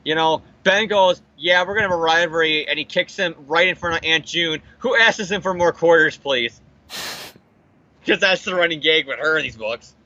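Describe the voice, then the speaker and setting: A man casually recapping a comic book on a podcast, animated and profane, acting out the characters' lines. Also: a little high, moderate pace, dry recording, highs cut off. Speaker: podcast co-host.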